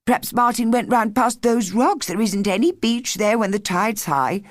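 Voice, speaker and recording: A woman voices a prim, sensible young girl in a matter-of-fact tone, pitching her natural-sounding voice higher than her own. She speaks at normal speed, and the studio sound is clean with no room sound.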